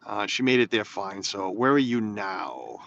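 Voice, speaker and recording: A man's voice: on the low side, big pitch swings, unhurried, vocal fry, a bit bright, a little hiss or hum. A man chatting casually to viewers while driving in snow, rambling and reading comments aloud. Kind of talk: casual live-stream chat from a car. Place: inside a car on snowy roads. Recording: slightly dull lo-fi phone audio.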